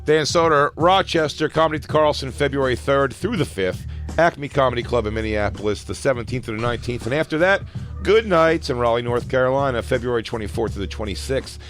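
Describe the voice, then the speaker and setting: A man co-hosting a comedy podcast, joking and reading tour plugs quickly. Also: mid-range voice, a bit bright, faint music behind. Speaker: podcast co-host. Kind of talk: crude comedy podcast banter.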